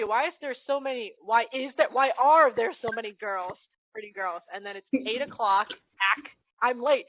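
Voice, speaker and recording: A woman reads a comic aloud in a relaxed, chatty way. She giggles often and trips over the words. Her fairly high voice comes through a tinny, phone-like line with no room sound. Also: fairly quick, hardly any pauses, no echo. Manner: giggly, stumbling and restarting while reading out lines. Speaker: host. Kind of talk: casual reading of a comic aloud. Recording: tinny phone-like dry audio.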